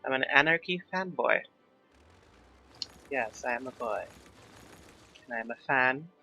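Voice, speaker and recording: A man's voice: mid-range voice, a little slow, pushed and bright. A young man who is not a native English speaker, with an accent that mixes British and American, chatting through gameplay while thinking aloud and joking at his own expense. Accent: mixed British and American. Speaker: gaming YouTuber. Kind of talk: casual gameplay commentary. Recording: slightly dull lo-fi mic, faint background music.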